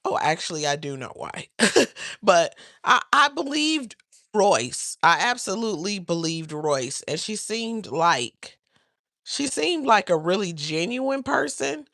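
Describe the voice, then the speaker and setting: Slow, gravelly woman chatting on a livestream. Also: mid-range voice, no echo, studio quality. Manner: chatty, animated, laughs often, talks to the chat. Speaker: livestream host. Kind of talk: casual celebrity gossip livestream.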